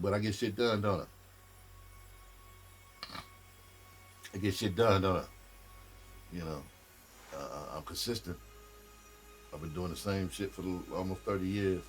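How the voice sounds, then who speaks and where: Deep-voiced, profane middle-aged man. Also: a little hiss or hum. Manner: candid, profane, rambling. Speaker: comedian and streamer. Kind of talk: casual livestream chat. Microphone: streaming mic.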